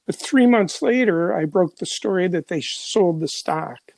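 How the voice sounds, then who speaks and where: A man's voice: high-pitched, animated, unhurried, creaky, a little mellow, dry recording. Older man, journalist guest, chatty storytelling, lots of fillers, dead dry sound. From Chicago. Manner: rambling, many fillers and restarts. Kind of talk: conversational storytelling.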